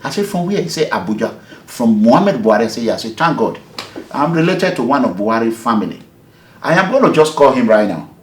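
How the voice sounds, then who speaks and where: This fast-talking man, an activist and movement leader from Edo State, Nigeria, speaks at a medium pitch with a lively, swooping delivery. Giving an interview, he emphatically acts out the back-and-forth of every exchange, and the recording carries clear room echo.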